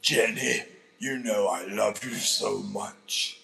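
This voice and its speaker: A man's voice: fairly low pitch, fairly even intonation, takes it slowly, vocal fry, pushed and bright, roomy sound, exaggerated voice. Forrest Gump, a man's wobbly impression. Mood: earnest. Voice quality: drifts toward an English-Australian twang. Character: simple-hearted, earnest Southern man.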